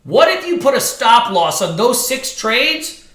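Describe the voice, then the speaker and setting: A man quoting a blunt, matter-of-fact trading coach. He is plain-spoken, with a lively, bright voice that echoes around the room. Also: very high-pitched, a little slow, heavily acted. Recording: roomy hall echo.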